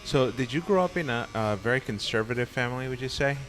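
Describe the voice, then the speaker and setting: A man hosting a casual interview, speaking haltingly and often repeating his words. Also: mid-range voice, lively intonation, fairly bright tone, slight background noise. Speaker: podcast host. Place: barbershop.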